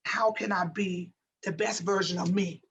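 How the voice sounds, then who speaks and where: A woman's voice: on the low side, fairly even intonation, moderate pace, highs cut off. A woman guest speaking as a basketball coach, emphatic and motivational, repeating phrases for effect. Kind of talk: motivational interview talk.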